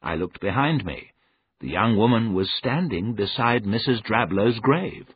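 A man narrates an audiobook slowly and deliberately, with a husky voice and a lively rise and fall. The sound is thin and phone-like. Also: fairly low pitch. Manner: measured, deliberate storytelling.

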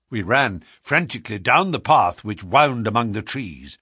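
Man reading a story out loud, husky voice, pitch going up and down a lot, dry sound. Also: dry recording. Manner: measured storytelling, lively pitch. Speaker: narrator. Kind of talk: scripted audiobook narration.

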